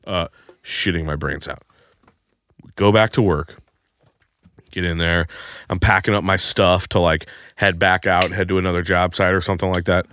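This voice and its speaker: A man co-hosting a podcast, telling a crude comedic story and shouting the quoted lines. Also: low voice, steady tone, normal speed, smooth, no room sound.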